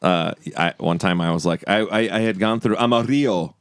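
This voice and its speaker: A man's voice: deep voice, steady tone, a little fast, a bit bright, clear, resonant tone, no echo, studio quality. A man from Montana hosting a podcast in casual chat, joking and often restarting his sentences. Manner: stammering restarts, joking, laughs easily. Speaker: podcast host.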